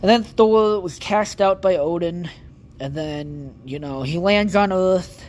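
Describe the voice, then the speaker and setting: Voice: medium pitch, slow pace, darkish tone, slight background noise. A podcast host giving a casual, rambling movie recap, with heavy swearing and lots of filler words.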